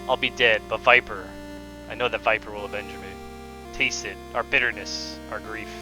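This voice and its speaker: A man voicing a dying male game villain, reading the lines quietly and somberly. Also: fairly low pitch, fairly even intonation, moderate pace, over music, natural voice, rough recording. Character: dying bitter male villain, lifelong outsider. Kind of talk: reading game dialogue aloud.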